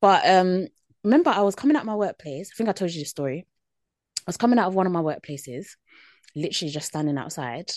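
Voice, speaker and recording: Podcast co-host, woman in her twenties, lowish voice, dry close sound, unhurried storyteller. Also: lively intonation, darkish tone, no echo. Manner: laid-back storytelling, many fillers. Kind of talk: casual chat.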